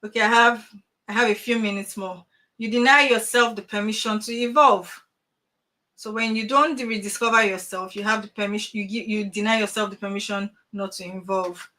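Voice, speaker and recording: A middle-aged woman giving an animated motivational talk to parents over a video call, full of emphatic rhetorical questions. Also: mid-range voice, normal speed. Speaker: transformational coach.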